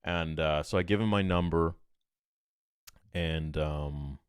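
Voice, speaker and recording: A man's voice: rumbling low, smooth, dry recording, clean studio sound. A man, a podcast guest, telling a story in casual talk and acting out quoted exchanges with animation. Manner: animated, quotes himself and others in quick exchanges.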